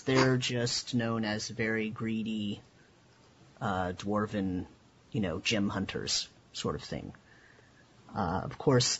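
A man narrating as game master in a tabletop game, halting with many fillers. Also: mid-range voice. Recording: dull lo-fi voice chat with faint hiss.

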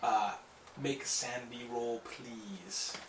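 A man running a tabletop horror game as game master, laughing easily and going low and hushed for the scary parts. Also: steady tone, slow pace. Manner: laughs easily, drops to a low hush when narrating horror. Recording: echoey call audio from far off, noisy.

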